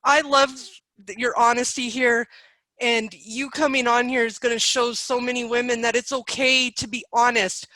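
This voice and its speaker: A woman's voice: fairly high pitch, flat delivery, moderate pace, sharp tone, dry recording, poor audio. A woman in her thirties hosting a podcast, talking in an emotional, spiritual, chatty way. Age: 30s. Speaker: podcast host. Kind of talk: casual interview chat.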